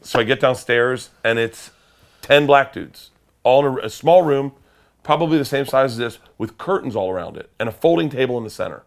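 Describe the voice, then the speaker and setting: A man's voice: medium pitch, lively intonation, brisk, gravelly. Man telling a profane, rambling story. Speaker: guest comedian. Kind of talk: animated storytelling interview.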